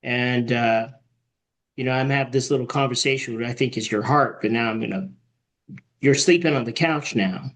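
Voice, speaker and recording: A man's voice: mid-range voice, moderate pace, fairly bright tone. A man giving feedback in a casual writing workshop, thinking aloud with frequent restarts and fillers. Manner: thoughtful, rambling, many restarts. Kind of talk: casual discussion.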